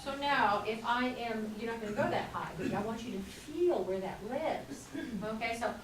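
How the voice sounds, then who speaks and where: A woman's voice: fairly high pitch, big pitch swings, moderate pace, very noisy. A woman voice teacher coaching students, demonstrating sounds and laughing often as she encourages them. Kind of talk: classroom voice coaching. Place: classroom. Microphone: distant camera mic. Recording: echoey classroom, far mic, piano music. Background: piano.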